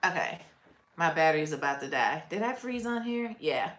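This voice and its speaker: A woman hosts a casual live chat, answering viewers and laughing often. Her voice is bright, with lots of melody, and she talks unhurriedly. The sound rings in an echoey room. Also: low voice, big pitch swings, normal speed. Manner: chatty, laughs often, reads viewer comments. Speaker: livestream host.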